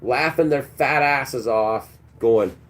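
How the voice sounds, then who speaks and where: A man's voice: mid-range voice, takes it slowly, slight background noise. A man hosting a live stream who rambles in a crude, sarcastic rant with many restarts. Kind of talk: ranting live-stream talk.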